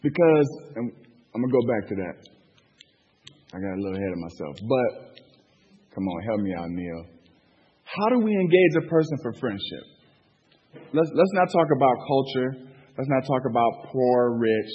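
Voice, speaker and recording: A man's voice: medium pitch, big pitch swings, moderate pace, long pauses, husky. A man leading a Bible study in a casual, filler-heavy way, asking the group for answers. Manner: loose, filler-heavy talk, asks the room for answers. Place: hall with a group. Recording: dull echoey hall recording.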